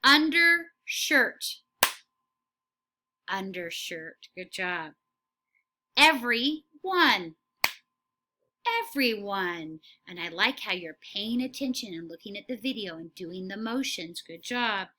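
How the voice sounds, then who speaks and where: A woman teaching a phonics lesson to young children, speaking slowly and clearly and giving steady encouraging praise. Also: mid-range voice, a little hiss or hum. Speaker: kindergarten teacher.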